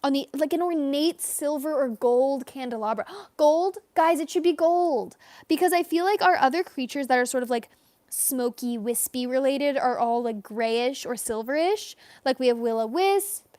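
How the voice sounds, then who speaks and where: A young woman with a high, expressive, slightly mellow voice chats casually at a moderate pace while drawing on a livestream. She rambles and reads viewer comments aloud. The recording is dry.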